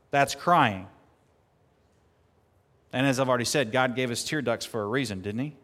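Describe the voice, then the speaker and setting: A man preaching a sermon earnestly, at times building to emphatic, louder peaks. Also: mid-range voice, normal speed, pauses often. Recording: long hall reverb.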